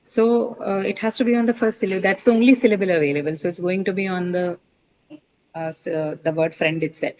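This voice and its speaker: Lower-pitched woman teaching a class. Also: fairly even intonation, fairly quick, darkish tone, a little hiss or hum, poor audio. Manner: explanatory, checks understanding with frequent "right?" and "okay?". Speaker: English teacher. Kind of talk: classroom lecture on word stress.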